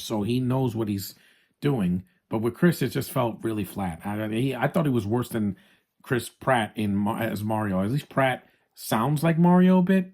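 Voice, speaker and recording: Male movie reviewer, medium pitch, casual and opinionated, addresses the audience directly. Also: a little mellow. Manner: chatty, opinionated, frequent restarts, addresses viewers as guys.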